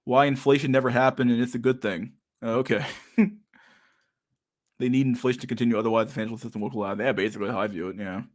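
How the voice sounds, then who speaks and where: A man's voice: medium pitch, fairly even intonation, fast. A young man hosting a casual livestream chat, talking in a profane, slangy and sarcastic way, often laughing. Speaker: livestream host.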